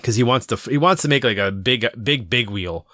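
A middle-aged father tells a long, rambling story in casual chat and acts out the voices of his kids. His voice sits at an average pitch and sounds dry and close, with little room around it. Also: animated, normal speed, bright, forceful tone, dry recording. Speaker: parent.

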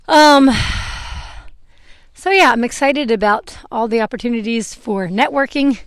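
A young woman talks casually as she grooms her horse outdoors, wandering from topic to topic and chuckling at her own stumbles. Her voice sits a little high, and a clip-on mic keeps it close and dry. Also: lively intonation, normal speed, dry recording. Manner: chatty, rambling, laughs at her own slips. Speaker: horse owner and vlogger. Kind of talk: casual chat while grooming. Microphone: clip-on microphone.

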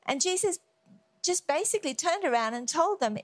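A woman's voice: extremely high pitch, expressive, normal speed, dry recording. A woman giving a devotional Bible teaching, earnest and emphatic, often repeating key words. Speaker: preacher.

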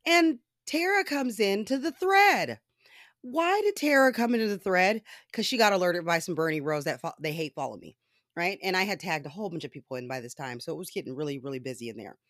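A woman telling a story in casual commentary style, animated and often laughing, with profane asides. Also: lowish voice, a little fast, no room sound, studio quality.

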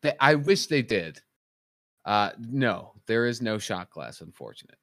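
A man leading a casual comedic chat in a deadpan, mock-serious way. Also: fairly low pitch, unhurried, dry recording, studio quality.

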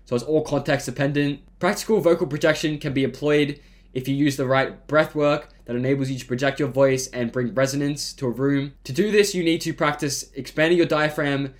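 A man hosting a podcast, giving scripted solo advice in a steady, monotone delivery. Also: fairly high pitch, a little fast. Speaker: podcast host.

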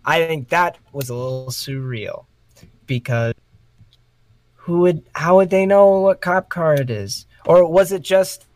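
A man in casual chat, skeptical and quick to poke holes in the plot with questions. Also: fairly high pitch, a little hiss or hum. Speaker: co-host.

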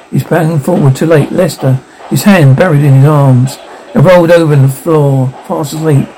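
A man's voice: a little high, steady tone, moderate pace, mellow, slight background noise, rough recording. A man narrating a ghost story aloud as an audiobook, giving the characters light voices of their own.

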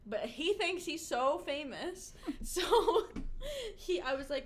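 A woman's voice: high voice, takes it slowly, slight background noise. Laughing young woman telling work stories. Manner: animated storyteller, laughs through punchlines. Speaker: podcast co-host. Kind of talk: casual chat, storytelling.

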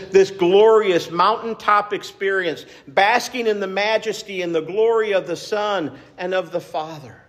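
A man preaching a sermon as pastor, earnest and measured, repeating phrases for emphasis. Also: fairly high pitch.

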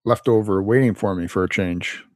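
This podcast co-host, a father aged somewhere between 30 and 49, trades teasing banter with his partner in a relaxed chat. He speaks at a normal speed in a fairly low, slightly mellow voice, with no echo.

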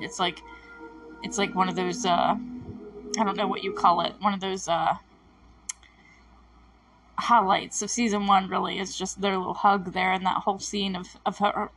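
A woman recapping a TV episode in a chatty, emotional way, with lots of fillers and self-corrections. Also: on the low side. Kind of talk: casual recap commentary.

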